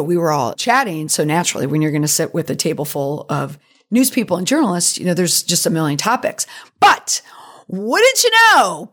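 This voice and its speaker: A middle-aged woman hosting a podcast, telling stories in a chatty, digressive way, her voice slightly creaky. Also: fairly high pitch. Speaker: podcast host and PR professional. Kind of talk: casual monologue.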